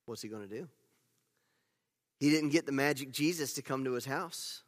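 A man preaching a sermon as pastor, telling the story with animated swings between loud emphasis and hushed asides. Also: medium pitch, normal speed. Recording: long reverb of a large hall.

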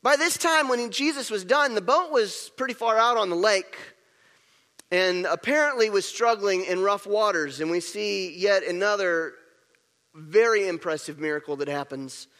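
Male pastor, high voice, animated storytelling sermon, hall reverb. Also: moderate pace. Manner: animated storytelling, acts out scenes.

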